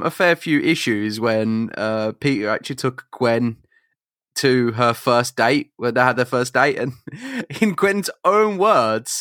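A man co-hosts a podcast with a bright, forward voice, trading wry, sweary quips and laughs. The sound is close and dry, with no room around it. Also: a little high, no room sound. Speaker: podcast co-host. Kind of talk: casual comic recap chat.

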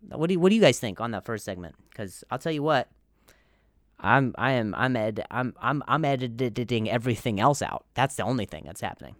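A man's voice: fairly low pitch, lively intonation, moderate pace, a bit bright, dry recording, studio quality. A man hosting a comedy podcast with a strong stutter, repeating words and blocking on sounds, self-deprecating and rambling. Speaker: podcast host.

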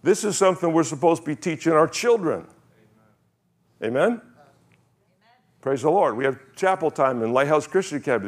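A man preaching a conversational sermon to a congregation, reading scripture slowly and asking the people questions. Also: on the high side, animated. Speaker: pastor.

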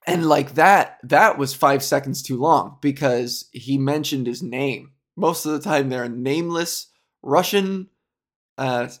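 A man's voice: mid-range voice, slow. A man on a comic rant, exasperated and profane, often laughing. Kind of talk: comedic rant.

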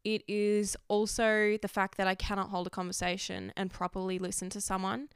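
Candid young woman, very smooth voice. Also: medium pitch, level tone, moderate pace, no room sound, clean studio sound. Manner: frank, rambling, heavy swearing. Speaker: vlogger. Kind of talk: candid confessional monologue.

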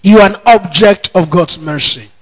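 A man preaching a sermon in a church, shouting bold declarations between slower, emphatic teaching. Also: high-pitched, low-quality recording. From Nigeria. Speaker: pastor.

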